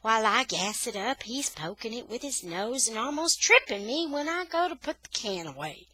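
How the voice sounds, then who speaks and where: Bright-voiced woman reading a story aloud. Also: fairly high pitch, moderate pace, breathy edge, no echo. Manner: steady, expressive storytelling. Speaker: reader of a children's novel. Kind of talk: reading a novel aloud for English learners.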